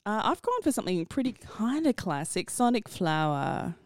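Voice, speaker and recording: A woman's voice: fairly high pitch, fairly quick, dry recording, studio quality. A woman co-hosting a casual radio chat, giggly and talkative. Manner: giggly, chatty, lively. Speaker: radio co-host.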